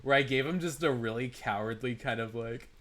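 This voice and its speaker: A male streamer chats casually at a middle pitch, animated and quick to laugh. His speech is loose and full of filler words. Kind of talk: casual chat.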